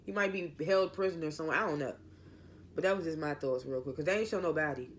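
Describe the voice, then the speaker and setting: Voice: mid-range voice, fast, a little hiss or hum. A TV show reviewer giving a casual recap in an opinionated, rambling way, often correcting themself mid-sentence.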